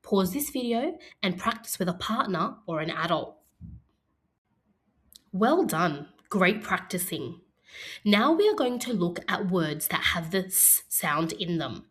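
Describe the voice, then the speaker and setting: A woman teaching an early-years phonics lesson, speaking slowly and clearly in an encouraging classroom manner. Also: fairly low pitch, sing-song, fairly bright tone.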